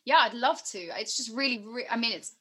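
Brief: young woman, bright tone, rambling chatty guest. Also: fairly high pitch, expressive, fairly quick, slightly rough. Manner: chatty, rambling, many fillers. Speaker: guest musician and actor. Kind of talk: casual interview chat.

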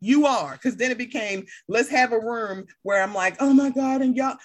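A woman's voice: fairly high pitch, normal speed. A woman hosting a casual chat, passionate and blunt, swearing freely and acting out the people she quotes. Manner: vividly acts out quoted people.

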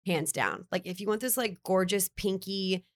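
A woman's voice: mid-range voice, expressive, moderate pace, dry recording, clean studio sound. A woman in a casual interview chat, talking candidly and chatty with lots of "like". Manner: chatty, candid, uses "like" a lot. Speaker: beauty writer and guest.

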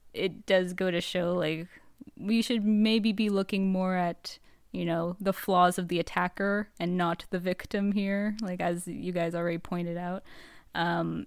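A woman's voice: on the low side, gravelly, smooth, no room sound, studio quality. A woman co-hosting a podcast, chatty and rambling with lots of fillers. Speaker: podcast co-host. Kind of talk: casual podcast discussion.

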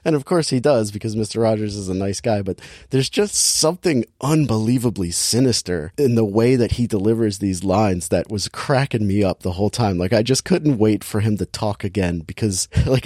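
A man co-hosting a casual podcast chat, telling stories in a wry, deadpan way with mock-sinister impressions. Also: lowish voice, moderate pace, no echo, studio quality. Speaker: podcast co-host reviewing movies.

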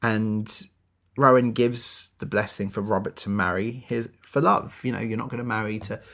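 A man's voice: fairly low pitch, normal speed, fairly bright tone. A man co-hosting a podcast, chatting casually as he recaps a musical, with lots of "you know" and "like". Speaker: podcast co-host.

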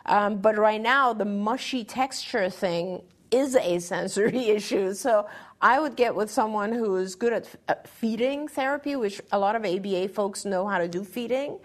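A middle-aged woman co-hosts a talk show and answers parents' questions with earnest, encouraging advice. She speaks at a moderate pace in a mid-range voice and often restarts her phrases.

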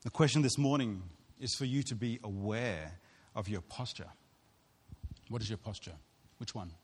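A man's voice: on the low side, moderate pace, breathy edge. A man preaching a sermon as pastor, earnest and storytelling, acting out what other people said. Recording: long hall reverb.

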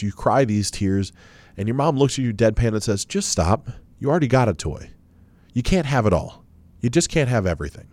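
A man's voice: on the low side, a little mellow, dry recording. A man giving a self-help talk and leading listeners through a guided visualization, coaching them with many questions.

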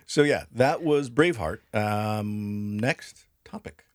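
A man's voice: lowish voice, slow pace, clean tone, dry recording, clean studio sound. A man co-hosting a casual history podcast, joking and swearing as he explains. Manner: profane, jokey, laughs often. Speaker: podcast co-host.

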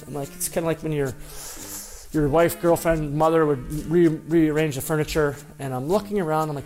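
A man with a slightly high voice tells a story in a loose, rambling way. He pokes fun at himself, circles back, and fills gaps with "uh" and "you know." Soft music plays faintly behind him. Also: moderate pace. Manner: rambling, self-deprecating, frequent fillers and restarts. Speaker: former pro hockey player telling a story. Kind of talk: casual anecdotal storytelling.

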